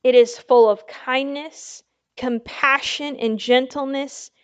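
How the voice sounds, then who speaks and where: A woman preaches a sermon in a high voice, taking her time over every phrase and pausing to ask her listeners for an amen. The sound is a little dull and lo-fi. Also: fairly even intonation, clean tone. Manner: slow, emphatic preaching with call-and-response "Amen?".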